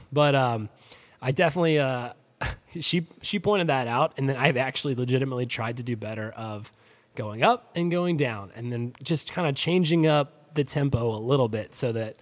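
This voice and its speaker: A man in casual podcast talk, his voice sitting at an ordinary middle pitch. He rambles through fillers and restarts. His phrases often sink in volume toward their ends. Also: normal speed. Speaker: podcast co-host.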